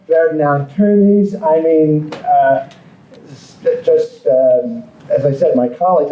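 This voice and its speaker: A man's voice: fairly high pitch, highs cut off. A man giving a political science lecture in a classroom, rambling with frequent ums and asides. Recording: echoey classroom from far off.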